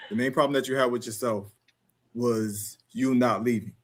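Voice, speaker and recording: A man's voice: medium pitch, fairly even intonation, moderate pace. A man hosting a podcast, asking probing questions and recapping what his guest said. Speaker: podcast host. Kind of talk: casual podcast discussion.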